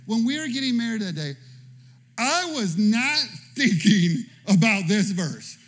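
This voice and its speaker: A man's voice: high-pitched, normal speed, breathy edge. A man in his thirties or forties preaching a sermon in a chatty, humorous way, telling personal stories and often checking in with "okay?". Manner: animated, conversational preaching with frequent "okay?". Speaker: pastor.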